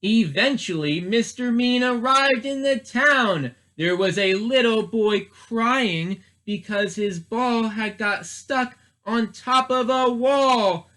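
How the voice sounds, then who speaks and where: A man's voice: extremely high pitch, slow, hardly any pauses, bright, forceful tone. A man, a children's librarian, reading a storybook aloud expressively and asking the listeners questions.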